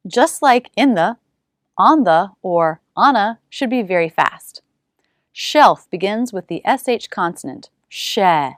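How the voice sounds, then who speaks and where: A woman teaching English pronunciation, saying single sounds and words slowly with exaggerated care. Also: medium pitch, lively intonation, dry recording, clean studio sound.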